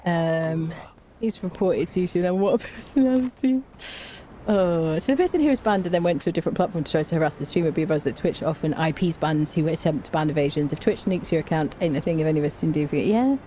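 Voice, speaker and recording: A woman's voice: low-pitched, fast. A woman from Britain streaming a game, chatting casually and reading chat aloud, ranting with energy. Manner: chatty, reads chat aloud, animated rants. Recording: faint background noise.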